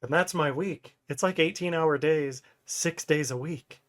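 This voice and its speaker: A man's voice: a little high, measured pace. A man in his thirties, co-hosting a casual podcast chat, who tells rambling stories and laughs often. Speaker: podcast co-host.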